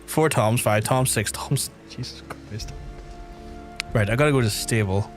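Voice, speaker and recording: A man's voice: mid-range voice, normal speed, soft background music. A man streaming a game, chatting casually with his viewers, swearing freely and laughing often. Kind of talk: casual live-stream chat.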